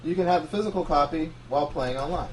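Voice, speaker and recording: Man co-host, higher voice, blunt and sweary, heard from a bit away. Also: fast, recorded from a distance, a little hiss or hum, poor audio. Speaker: podcast co-host. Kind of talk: casual chat.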